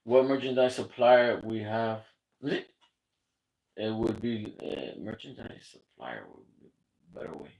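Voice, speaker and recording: A man's voice: on the low side, expressive, unhurried, gravelly, pauses often, a little mellow, poor audio. A man hosting a casual livestream Q&A about boating, rambling and chatty as he answers viewers' messages. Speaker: boating channel host. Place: South Florida.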